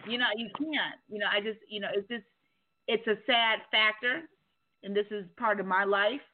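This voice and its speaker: A woman talks frankly on a call-in radio show, rambling and restarting her sentences as she goes. Her voice is mid-pitched, and it comes through a thin, tinny phone line. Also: fairly even intonation, moderate pace, a little hiss or hum. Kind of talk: candid call-in radio chat.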